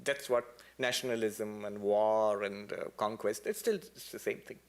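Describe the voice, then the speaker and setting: A man addresses a temple congregation at normal speed in a spiritual lecture. His stories come across lively, with playful asides and moments where his voice spikes high for emphasis.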